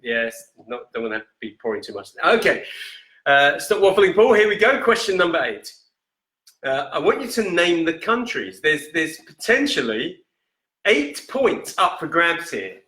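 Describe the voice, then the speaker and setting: A man hosting a live-stream whisky quiz in a casual, chatty way, reading each question slowly and repeating it. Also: on the high side, sing-song, pushed and bright. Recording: echoey room.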